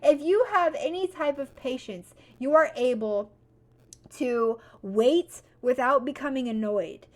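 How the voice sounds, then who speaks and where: A young woman with a high voice speaks straight to her viewers in a motivational vlog. She is blunt and profane, and she moves between calm advice and loud, heated venting. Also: unhurried. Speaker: vlogger. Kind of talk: motivational talk to camera.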